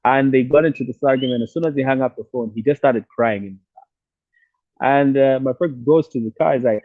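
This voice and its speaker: A man's voice: medium pitch, a little fast, no echo. A man, a musician, talks reflectively in a casual interview from outdoors, with many restarts and fillers. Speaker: musician guest. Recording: dry tinny phone-like line.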